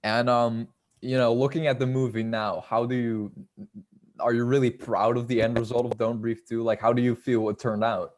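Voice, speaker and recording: A man's voice: mid-range voice, flat delivery, normal speed, darkish tone. A man hosting a casual interview, upbeat and affirming. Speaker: interview host.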